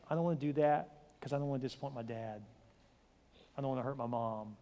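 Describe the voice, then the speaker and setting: A pastor in his forties preaching a sermon, telling stories with acted-out dialogue and lively delivery. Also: medium pitch. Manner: animated storytelling, acts out dialogue with shifting voice. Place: large church hall. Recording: hall reverb.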